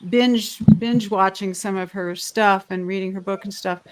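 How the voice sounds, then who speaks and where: Woman panelist, rambling and heartfelt, mid-pitched, video-call sound. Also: steady tone, normal speed, clear, resonant tone. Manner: rambling and heartfelt, with frequent restarts. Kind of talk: candid personal sharing.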